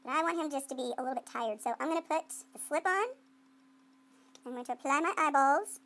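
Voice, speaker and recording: High-pitched woman art teacher doing a clay demo, chatty and playful, mutters to herself while she works. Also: brisk, a bit bright. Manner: call-and-response with students. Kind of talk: classroom demonstration.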